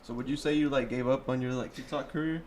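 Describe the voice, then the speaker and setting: A man's voice: mid-range voice, steady tone, quick pace, a little mellow, a little hiss or hum. A man co-hosting a podcast, asking questions like an interviewer. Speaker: podcast co-host. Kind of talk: casual chat.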